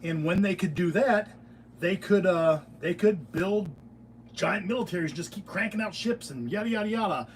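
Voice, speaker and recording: Opinionated and digressive, this American beekeeping channel host has a voice that sits high and moves at a moderate pace. His casual monologue rambles, with frequent self-interruptions and restarts, heard from afar in a workshop through a distant mic that catches faint room noise.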